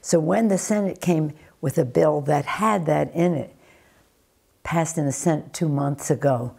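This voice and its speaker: An older American woman answering questions in a news interview, deliberate and emphatic, often restarting her sentences. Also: low voice, gravelly, a little mellow, breathy edge. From United States. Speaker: interviewee, former politician.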